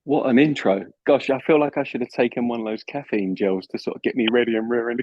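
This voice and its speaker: A man guesting on a podcast, chatting in an upbeat, lively way. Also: mid-range voice, fast talker, few pauses, a little hiss or hum. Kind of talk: casual chat.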